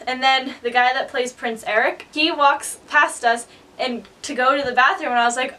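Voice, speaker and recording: A young woman vlogger telling an excitable storytime, acting out quotes in high squeals. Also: brisk, far from the mic. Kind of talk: storytime vlog.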